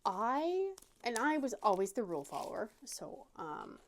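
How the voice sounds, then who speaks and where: A woman's voice: fairly high pitch, sing-song, unhurried, a little hiss or hum. A woman hosting a craft channel, telling a casual, self-deprecating story with many fillers and restarts.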